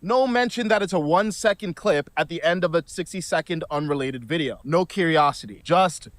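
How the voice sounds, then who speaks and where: A man giving scripted video commentary in a measured, reasoned delivery. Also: a little high, animated, fairly bright tone, dry recording.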